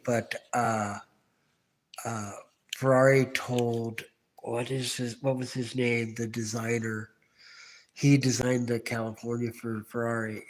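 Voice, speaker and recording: A man hosting a casual solo livestream from his garage on a phone camera, rambling and asking absent viewers lots of questions. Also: mid-range voice. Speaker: livestream host. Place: home garage.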